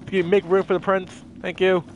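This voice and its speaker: A young man giving excitable, jokey commentary while playing a video game. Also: high voice, a little fast, a little hiss or hum. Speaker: gaming YouTuber. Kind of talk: casual gameplay commentary.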